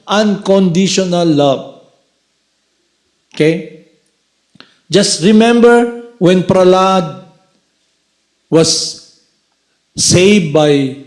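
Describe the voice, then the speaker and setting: Slow Filipino man lecturing, roomy echo. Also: high-pitched, darkish tone. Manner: slow, repeats key words, checks with "Okay?". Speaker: spiritual lecturer. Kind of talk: devotional lecture.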